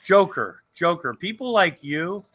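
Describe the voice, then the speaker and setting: A man's voice: sits high, animated, measured pace, a bit bright. An older man co-hosting a casual livestream chat, joking, rambling and swearing freely. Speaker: co-host.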